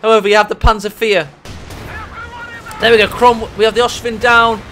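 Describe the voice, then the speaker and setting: A man casting a strategy game match, excitable and jokey, his voice rising to shouts at the big plays. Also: sits high, moderate pace, soft background music. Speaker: game caster. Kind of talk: energetic esports commentary.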